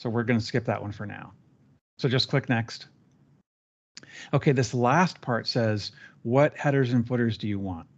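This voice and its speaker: A man guiding a trainee step by step through a software training session, relaxed and chatty with fillers. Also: medium pitch, moderate pace, long pauses, lo-fi sound. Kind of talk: live screen-share training session.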